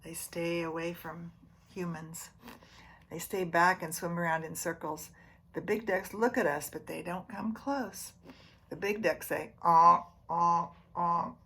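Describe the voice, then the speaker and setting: A preschool teacher, a woman, reads a picture book aloud to young children, often dropping to a near whisper and gently asking them questions. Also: on the low side, fairly even intonation, measured pace, slightly rough.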